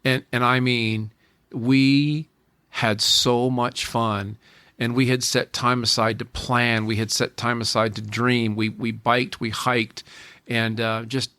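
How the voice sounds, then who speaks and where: A man's voice: mid-range voice, little pitch movement, slow pace, pushed and bright, clean tone, no echo. A man in his forties, a podcast guest, telling a personal story in an earnest way, often repeating and restarting his phrases.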